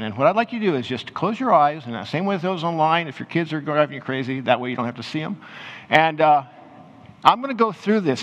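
A man preaching as a pastor, leading the congregation through a guided imagination exercise and slowing into hushed storytelling. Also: a little high. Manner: slows and softens into hushed storytelling. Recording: roomy hall reverb, faint ambience.

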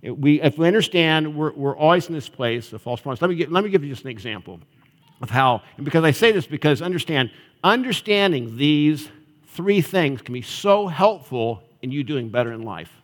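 A man's voice: on the high side, expressive, brisk. A male pastor giving a sermon in a conversational style, often checking in with the audience. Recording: long reverb of a large hall.

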